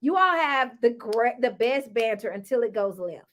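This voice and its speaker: A woman's voice: on the high side, moderate pace. A woman casually recapping a reality TV episode, chatty and sassy, often acting out what people said. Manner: animated, acts out cast members' lines.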